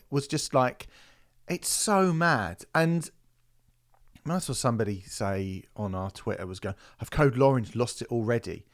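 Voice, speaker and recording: A man's voice: mid-range voice, moderate pace. A man hosting a podcast, chatting casually and animatedly, swearing and mocking critics in quoted voices. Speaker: podcast host.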